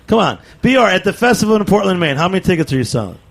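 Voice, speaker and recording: Male co-host, playful and pushy, a bit high with a gravelly edge. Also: very animated, very fast, fairly bright tone. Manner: playful, teasing, talks over the guest. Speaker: radio show co-host. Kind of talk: casual radio chat.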